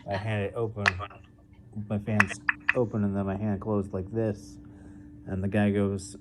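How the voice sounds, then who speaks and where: A young man doing a halting, deadpan stand-up set over a video call, full of fillers. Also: lowish voice, noisy background. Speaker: stand-up comedian.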